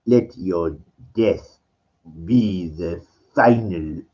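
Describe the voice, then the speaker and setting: A man doing a slow, deep, gloating Palpatine. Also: mellow, highs cut off. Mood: menacing. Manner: slow, drawn-out threats. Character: menacing old male sith emperor, gloating.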